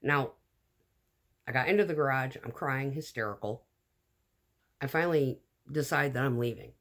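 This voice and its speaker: A woman telling a personal story in a casual storytime vlog, animated and blunt, acting out the lines of the people in it. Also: very deep voice, moderate pace. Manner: animated, acts out quoted dialogue.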